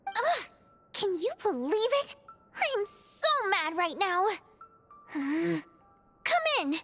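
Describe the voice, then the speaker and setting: A bubbly, very high-pitched singer. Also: female voice, measured pace, faint music behind, full character voice. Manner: lively, teasing. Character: bubbly young woman lead singer, chatty and teasing. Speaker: game character.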